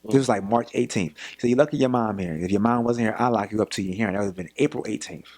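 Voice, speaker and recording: A man's voice: on the low side, rapid-fire. A young man from Philadelphia, a podcast guest, telling a story casually and acting out the voices of the people in it. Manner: animated retelling, acts out quoted voices.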